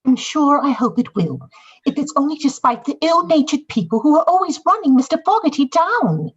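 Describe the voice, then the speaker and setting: A gossipy young bridesmaid, played by a woman on stage, with a high voice that swoops around. The recording is dull. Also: big pitch swings, moderate pace. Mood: reassuring.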